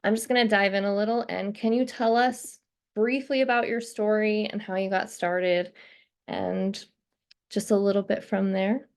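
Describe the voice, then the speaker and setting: A woman host opens her interview show with eager, upbeat energy. Her voice sits at a middle pitch, and she gets straight to her first question. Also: fairly even intonation, moderate pace, clean tone. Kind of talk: podcast interview introduction.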